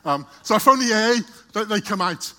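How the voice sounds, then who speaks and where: A man tells a story from the front of a church, chatting easily and stumbling over repeated words as he goes. His voice sits a little high and rings bright and forceful. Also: animated, moderate pace. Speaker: church speaker. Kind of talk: storytelling sermon.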